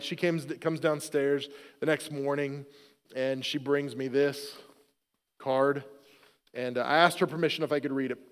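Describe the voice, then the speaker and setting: A fairly high-voiced man preaches from the pulpit in a church, spinning a homey story with easy self-deprecating jokes. His voice rings out with a long echo through the large sanctuary. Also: clean tone. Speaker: pastor. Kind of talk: sermon.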